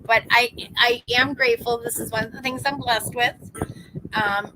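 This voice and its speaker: A woman's voice: fairly high pitch, steady tone, moderate pace, noisy background. A chatty woman in her fifties, a psychic medium hosting a casual live-stream talk, who laughs easily and acts out the voices of people she quotes. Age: 50s.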